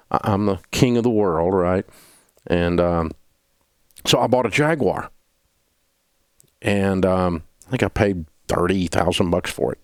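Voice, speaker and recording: A man's voice: deep voice, dry recording, studio quality. A man, hosting a call-in advice show and telling stories in a folksy, plainspoken way. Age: 50s. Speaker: radio show host.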